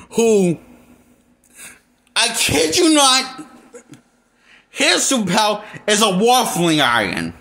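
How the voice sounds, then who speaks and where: A man's voice: sits high, fairly bright tone, slight background noise. A man reviewing a movie in a casual, rambling rant, full of restarts and blunt, exasperated complaints. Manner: rambling, with frequent restarts and fillers. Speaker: movie critic.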